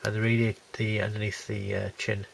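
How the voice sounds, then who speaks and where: A man reviewing a model kit in a low, gravelly voice, wandering through his thoughts with fillers and false starts. He is still getting over a cold. The home recording has a steady hiss of noise behind it. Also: brisk. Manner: rambling, hesitant with many fillers and restarts. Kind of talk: casual unboxing commentary.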